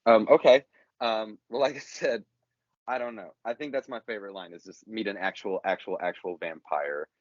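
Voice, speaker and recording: A man with a lowish voice talks in a loose, rambling way, joking fondly about a film. The recording sounds dull and lo-fi, with a dry and close sound. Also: moderate pace, no room sound. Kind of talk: casual chat.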